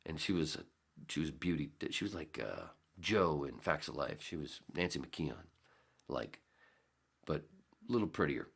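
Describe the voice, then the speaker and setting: A man's voice: extremely low pitch, very animated, normal speed, vocal fry, a bit bright, breathy edge. A man hosting a podcast, telling a rambling story in a casual way, swearing freely and acting out scenes with sudden jumps in his voice. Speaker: podcast host.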